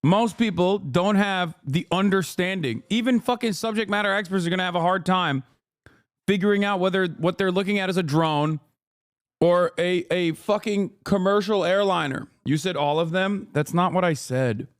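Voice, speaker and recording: A man's voice: sits high, moderate pace. A man in his thirties ranting combatively at his live chat, swearing often. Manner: profane, combative rants at chat. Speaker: streamer. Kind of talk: live-stream political commentary.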